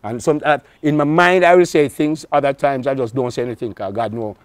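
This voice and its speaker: A man's voice: mid-range voice, a little fast, no room sound. A man, a guest talking earnestly in a candid conversation and repeating words as he searches for them.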